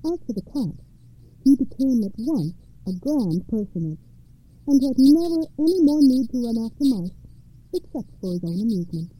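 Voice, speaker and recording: A woman narrating fairy tales for a radio program in a measured, expressive storytelling manner. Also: on the high side, slightly rough, no echo. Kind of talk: fairy tale read-aloud narration. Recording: tinny phone-like radio sound.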